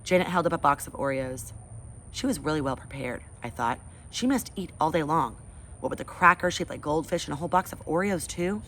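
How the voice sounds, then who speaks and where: A lowish-voiced woman reading a story aloud. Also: expressive, a little fast, fairly bright tone, slight background noise. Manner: friendly, chatty sign-off. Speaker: teacher reading to class.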